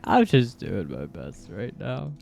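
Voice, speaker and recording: A man's voice: mid-range voice, very animated, slow pace, gravelly, darkish tone. A man giving casual let's-play commentary, thinking aloud, rambling and self-deprecating, often laughing at himself. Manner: thinks aloud while playing. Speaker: gameplay streamer.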